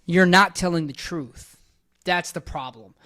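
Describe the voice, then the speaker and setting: A man's voice: sits high, unhurried, pushed and bright. A man hosting a reaction video, giving blunt, opinionated casual commentary that rambles with frequent restarts. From United States.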